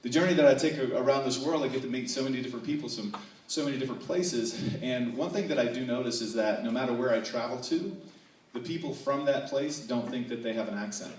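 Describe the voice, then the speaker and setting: A man's voice: medium pitch, quick pace, slight background noise. A man from North Carolina doing a playful stand-up comedy set, with frequent asides to the audience. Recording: echoey hall, distant mic, faint ambience.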